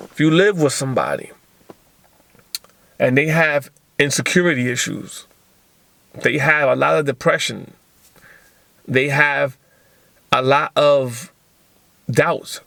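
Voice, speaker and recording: A man hosting a podcast, giving a blunt, profane motivational monologue and acting out quick bits of dialogue. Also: medium pitch, animated, creaky, pushed and bright, dry recording. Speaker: podcast host.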